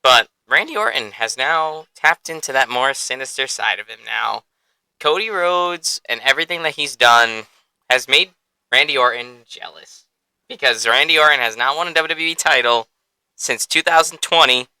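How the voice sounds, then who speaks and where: A man talks through a casual podcast with excitable energy, cursing freely and laughing as he goes. His voice is very bright, smooth and clear. The sound is dry and close, with no room echo. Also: medium pitch, normal speed. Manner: excitable, profane, laughs often. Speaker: podcast host.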